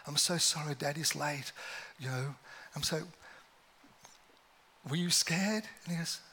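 A man's voice: on the high side, measured pace, sharp tone. A middle-aged man preaching a sermon in a conversational, self-deprecating way, telling personal stories and laughing often.

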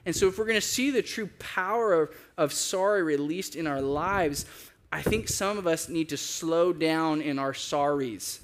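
A man preaching a sermon as a pastor, conversational and lively, acting out the voices he quotes. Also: normal speed. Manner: conversational, acts out quoted voices with big pitch jumps.

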